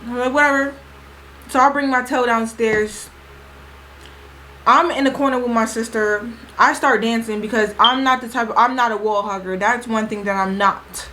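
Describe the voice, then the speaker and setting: A woman's voice: a little high, moderate pace, slight background noise, poor audio. A young woman retelling a party story in a chatty, slangy way, acting out what people said. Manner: chatty, animated, slangy retelling with acted-out quotes. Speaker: storytime vlogger. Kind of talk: casual storytime vlog.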